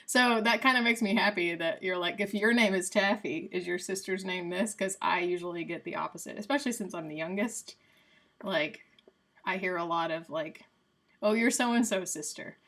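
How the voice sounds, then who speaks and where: A woman's voice: on the low side, moderate pace. A woman live streaming in casual chat, rambling and answering her viewers by name. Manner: coos softly to her cat.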